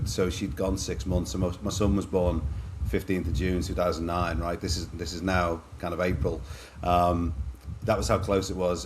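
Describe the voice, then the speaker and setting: This is a middle-aged man from Liverpool with an English accent and a low, deep voice. He is a guest on a podcast interview, telling his own stories in a chatty, anecdotal way and often calling the host "mate". A faint hiss sits under the recording. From Liverpool, England. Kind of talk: candid storytelling in a podcast interview.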